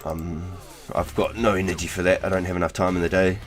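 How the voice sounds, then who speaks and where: A young man with a New Zealand accent talks to his live-stream viewers in a deep, low voice. He is laid-back and slangy and swears freely. Faint music plays quietly behind him. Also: little pitch movement, a little fast. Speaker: game streamer. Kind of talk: casual live-stream chat.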